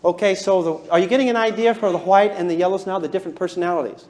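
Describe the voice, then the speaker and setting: A man teaching a class, animated and often chuckling as he talks, and quizzing his listeners. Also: high-pitched, very fast. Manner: animated, chuckles while talking, quizzes the audience. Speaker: instructor. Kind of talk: classroom lecture.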